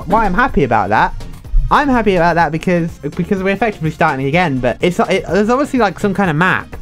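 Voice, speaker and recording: A young man giving frantic, excitable game commentary full of swearing, with quiet game music behind him. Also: sits high, quick pace. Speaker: gaming video creator. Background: faint game music.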